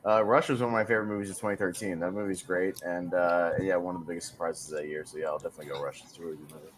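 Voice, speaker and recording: Easygoing low-voiced man chatting about movies. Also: fairly even intonation, rapid-fire, slight background noise, poor audio. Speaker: podcast panelist. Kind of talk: casual movie chat.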